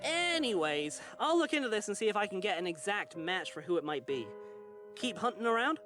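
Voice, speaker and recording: A woman's voice: mid-range voice, brisk, close to an everyday voice. A woman voicing a concerned young woman who guides the player over an earpiece, in game audio with music under it. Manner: lively, concerned.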